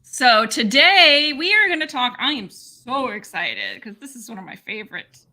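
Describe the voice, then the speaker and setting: A woman co-hosts a casual livestream, bubbly and quick to laugh as she greets viewers one by one. Her voice is strikingly bright and sharp, and her pitch swings up and down with lively energy. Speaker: livestream co-host.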